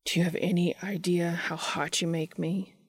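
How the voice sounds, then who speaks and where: A woman voicing a teasing, dominant young man who speaks in a low murmured whisper. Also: flat delivery, normal speed, breathy edge, dry recording, studio quality. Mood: murmuring.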